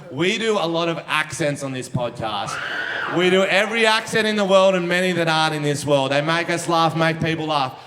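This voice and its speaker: A man doing a brash, profane stand-up comedy set on a club stage. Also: sits high. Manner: brash, profane, punchy delivery. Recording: live show with loud crowd laughter.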